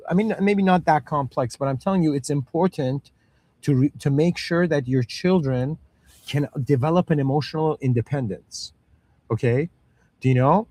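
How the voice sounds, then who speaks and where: Here a thirties-aged man of Middle Eastern origin talks in a relaxed lecture style, leaning on "you know" and "okay" while performing both parent and child in short exchanges. His pitch sits on the high side, the tone is darkish, and there's no echo.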